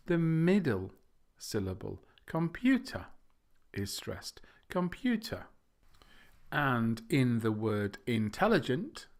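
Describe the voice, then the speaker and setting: Male podcast host, language lesson; slow and deliberate, gravelly, playfully exaggerates syllable stress. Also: medium pitch. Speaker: podcast host teaching English.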